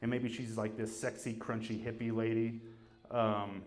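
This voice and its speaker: A young man doing a profane, rambling stand-up set in a gym, with a crowd laughing. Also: flat delivery. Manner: profane, rambling storytelling with quick pitch jumps for quoted voices. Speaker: stand-up comedian. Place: gym with a live audience. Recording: live room with crowd noise. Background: audience laughter.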